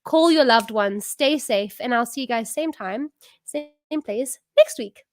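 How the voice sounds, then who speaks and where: A woman's voice: on the high side, expressive, unhurried. A South African woman hosting an online music show, effusive and bubbly, laughing often, on a video call. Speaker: host.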